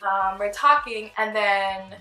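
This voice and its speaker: A young woman vlogger telling a casual storytime, chatty and animated, acting out the people she quotes. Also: medium pitch, slow pace. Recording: roomy with faint background music.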